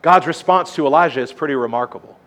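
A man preaching a sermon, retelling scripture with lively, emphatic storytelling. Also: on the high side, fast talker.

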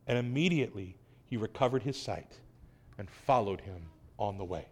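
A male pastor preaching a sermon, reading scripture dramatically, swelling loud and then dropping soft. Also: mid-range voice, brisk.

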